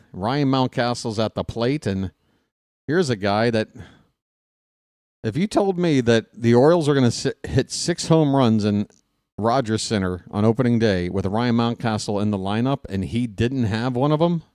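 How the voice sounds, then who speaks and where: Animated, excitable play-by-play man. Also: medium pitch, dry recording, studio quality. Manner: excitable and jokey, swinging from shouted calls to mutters. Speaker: play-by-play host. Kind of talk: casual live fan commentary.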